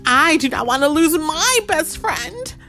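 A woman voicing a worried, gloomy male snake in a storybook read-aloud, speaking slow and earnest. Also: high voice, sing-song, bright, forceful tone, pitched above the performer's own voice, exaggerated voice.

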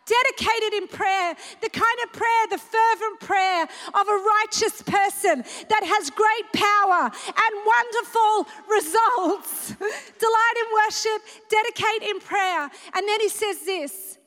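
A woman delivers an earnest sermon, her voice pitched very high. She slows into soft, emphatic readings of scripture. The sound carries a long hall reverb. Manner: earnest, warm preaching with slowed emphatic readings. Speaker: women's conference speaker.

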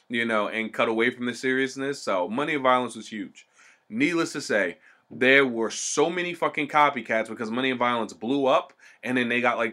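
A man's voice: medium pitch, pushed and bright. A man telling stories in a casual, profane way, swearing constantly and acting out the people he quotes.

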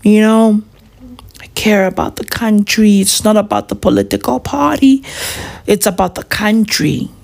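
A man's voice: high-pitched, unhurried, vocal fry, a little mellow, pitched above the performer's own voice. A man doing an earnest woman politician. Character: earnest woman politician pledging her care.

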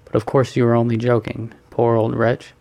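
A man voicing an earnest, unlucky young gentleman. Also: mid-range voice, level tone, normal speed, close to an everyday voice. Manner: earnest, pleading. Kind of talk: audiobook reading.

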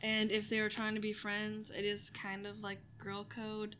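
A woman co-hosting a casual rewatch podcast, relaxed and hesitant with fillers. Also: medium pitch, unhurried. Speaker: podcast co-host.

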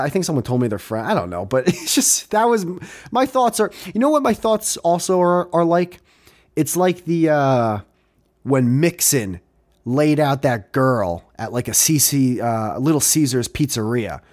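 A young man hosting a casual podcast, rambling and animated, peppering his talk with swearing and laughter. His voice sits a little high for a man. He jumps from point to point as the thoughts come. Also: moderate pace. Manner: rambling, animated, swears a lot, laughs often, does mocking voices in quotes. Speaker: podcast host.

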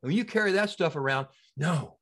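A man being interviewed as a healing practitioner on a long-form podcast, telling stories in an animated, emphatic way that swings between loud and soft. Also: on the high side, a little fast. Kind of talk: casual interview talk.

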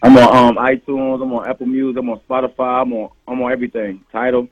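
Quick husky caller on phone line. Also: male voice, mid-range voice, little pitch movement, no room sound. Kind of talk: phone call to radio show.

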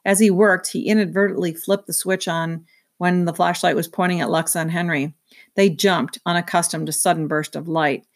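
A woman reading a children's novel aloud, in a steady storytelling manner. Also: on the low side, moderate pace. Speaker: reader. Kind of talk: children's book read-aloud.

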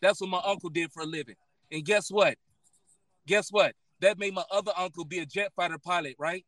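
A high-voiced American man in a heated argument, with a bright, cutting edge to his voice. He is loud and combative, repeats himself as he hammers his points, and swears freely. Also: brisk, dry recording. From United States. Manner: loud, combative, repetitive, profane.

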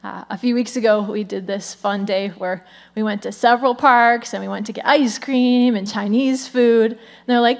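A woman in her thirties, the lead pastor, giving a lively conversational sermon with frequent "come on" asides. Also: mid-range voice, unhurried, gravelly.

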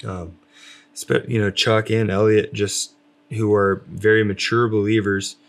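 Gravelly low-voiced man, rambling. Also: level tone, unhurried. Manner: rambling, many fillers, self-described loud. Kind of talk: casual faith discussion.

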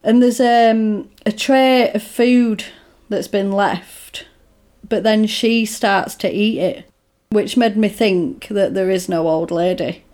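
A woman in relaxed conversation, recapping a film plot at length. She talks in a casual, rambling way, with plenty of fillers, and slips into the characters' voices when she quotes them. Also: medium pitch, slow pace. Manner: chatty retelling with lots of "like" and "basically", acting out characters' lines. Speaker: podcast co-host recapping a film. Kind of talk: casual chat.

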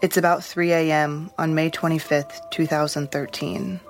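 A woman narrating a news story in a measured, scripted way. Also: sits low, flat delivery, faint music behind.

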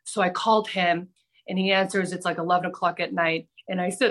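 A middle-aged woman, a former TV news reporter, telling a personal story on a podcast with animated, dramatic delivery. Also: on the low side. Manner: animated, breathless anecdote-telling with dramatic pauses. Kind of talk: casual storytelling.

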